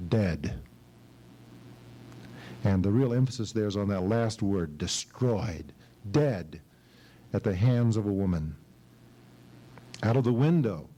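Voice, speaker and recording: A middle-aged male pastor preaches an expository sermon at a church service, his lowish voice warm over a rough recording. He reads scripture dramatically and puts questions to his class.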